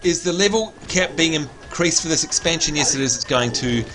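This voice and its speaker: A man's voice: fairly high pitch, expressive, moderate pace, background noise. A man chatting casually through a live gameplay stream, talking to his viewers and grumbling at bugs. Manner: chatty, exasperated at bugs, talks to chat. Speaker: game livestreamer.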